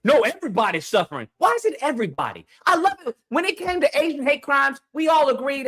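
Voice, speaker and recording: A man hosting a livestream call-in, shouting profane, angry rants at a caller. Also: extremely high pitch, big pitch swings, quick pace, few pauses. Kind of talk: heated call-in debate.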